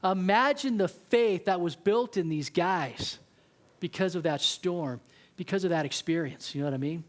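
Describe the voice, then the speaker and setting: In a high voice and at a moderate tempo, this youth pastor delivers an informal sermon. He speaks conversationally and frequently voices what the people in his story say.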